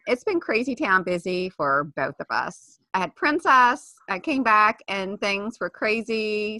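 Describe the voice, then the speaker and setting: A bright, forward-sounding woman co-hosting a casual podcast, punchy and quick to giggle. She opens the show and steers the talk. It is recorded close and dry. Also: medium pitch, no room sound. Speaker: podcast co-host. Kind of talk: casual chat.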